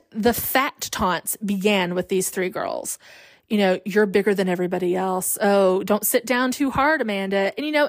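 A woman's voice: fairly high pitch, no room sound, clean studio sound. A woman in her thirties hosting a podcast, telling personal stories in a candid, self-deprecating way. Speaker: podcast host. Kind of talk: personal storytelling.

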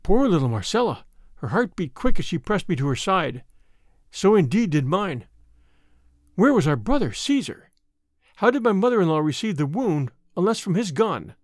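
A man narrating a classic tale as an audiobook reading, in an expressive, dramatic manner. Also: sits high, moderate pace, no room sound, clean studio sound.

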